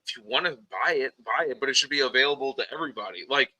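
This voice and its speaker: A man's voice: mid-range voice, rapid-fire, bright, forceful tone, low-quality recording. A man co-hosting a casual podcast, telling crude, joking stories. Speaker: podcast co-host. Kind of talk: casual chat.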